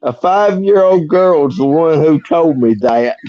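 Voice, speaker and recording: A man's voice: fairly high pitch, expressive, unhurried, dry recording. A man, talking in an earnest, folksy way on a livestream. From Arkansas. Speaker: livestream guest. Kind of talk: casual chat. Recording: dry, dull lo-fi audio.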